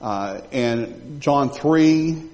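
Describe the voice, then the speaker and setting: Guy pastor preaching, mid-pitched voice, throws questions at the crowd, lots of hall reverb. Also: very slow, soft background music. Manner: animated, rhetorical questions to the congregation. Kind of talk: sermon. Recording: long reverb of a large hall.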